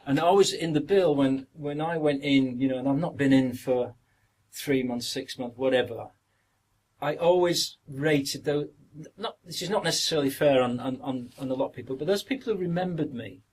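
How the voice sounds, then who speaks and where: A man's voice: mid-range voice, normal speed, a little mellow. A middle-aged man with a Yorkshire accent, a guest actor reminiscing through long anecdotes in a casual podcast interview.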